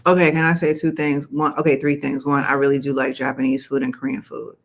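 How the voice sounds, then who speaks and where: A woman co-hosting a casual chat show with her mother, animated and slangy, laughing often. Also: extremely low pitch, quick pace. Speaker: co-host, daughter.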